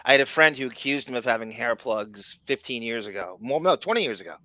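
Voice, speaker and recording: A man's voice: mid-range voice, quick pace, dry recording. A man co-hosting a podcast in a casual, rambling chat, often cutting himself off mid-thought. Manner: excitable, rambling, self-interrupting. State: raspy. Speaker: podcast co-host.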